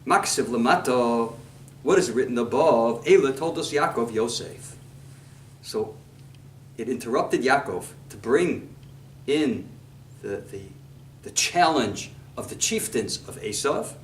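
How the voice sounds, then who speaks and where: A man giving a sermon as a rabbi, telling a story with lively emphasis and quoting Hebrew texts. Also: mid-range voice, measured pace, pauses often, a little hiss or hum. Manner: animated storytelling, mixes Hebrew quotes and English. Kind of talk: sermon on scripture. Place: congregation hall. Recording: echoey room, mic far off.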